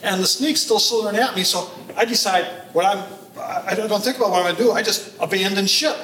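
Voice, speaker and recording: A man telling a lively personal story on a theater stage, acting out shouts and reactions. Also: sits high, fast talker, far from the mic, slight background noise. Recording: echoey hall from afar.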